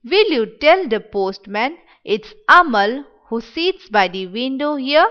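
A woman reading the part of a sick, wistful young village boy in a dramatic play reading, in a gentle, wondering manner. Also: high voice, big pitch swings, slow, lo-fi sound, heavily acted. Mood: eager.

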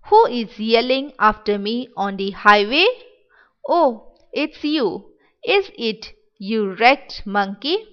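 A woman's voice: a little high, animated, slow, smooth, lo-fi sound. A woman reading the part of a pompous, spiteful middle-aged village headman in a play reading, with a sneering, mocking manner.

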